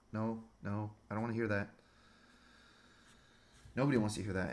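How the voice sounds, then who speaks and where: A man delivering a crude, sarcastic monologue rant as a vlogger. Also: lowish voice.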